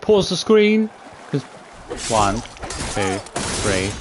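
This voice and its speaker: A man's voice: mid-range voice, big pitch swings, drawn-out words, noisy background. A man streaming a video game, exasperated, swearing and counting his button presses aloud. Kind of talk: live gameplay commentary.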